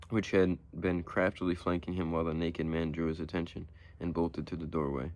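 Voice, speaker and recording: A man narrating a short horror story as an audiobook reading, in a steady, measured way. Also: deep voice.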